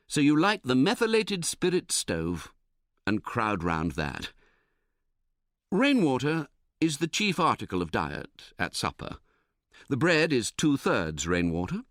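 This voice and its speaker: Lively wry male audiobook narrator. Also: mid-range voice, no echo, studio quality. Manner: animated, wry storytelling. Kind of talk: scripted narration.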